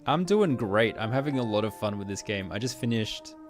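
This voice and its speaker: A man's voice: fairly low pitch, animated, a little fast, soft background music. A man casually commenting while streaming a game, laughing often and reading the game text aloud.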